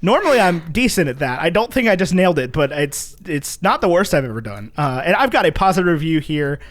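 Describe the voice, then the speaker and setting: A man's voice: fairly high pitch, very animated, fairly quick, fairly bright tone. A man hosting a casual movie podcast, jokey and playful as he chats with a guest. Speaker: podcast host.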